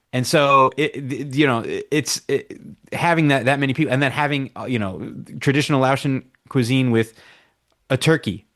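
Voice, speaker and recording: A man's voice: medium pitch, a bit bright. A man speaking as a reporter guest on a radio talk show, thoughtful and searching for words.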